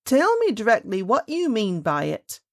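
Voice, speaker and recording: A woman voicing an angry, flustered nurse who scolds in sharp outbursts. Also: fairly low pitch, fairly even intonation, measured pace, no echo, clean studio sound, natural voice. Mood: scolding.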